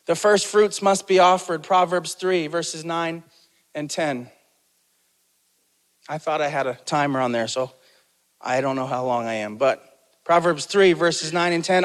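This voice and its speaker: A man's voice: fairly high pitch, lively intonation, unhurried, long pauses. A man preaching a sermon as pastor, emphatic, repeating key phrases and calling on the congregation to respond. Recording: long hall reverb.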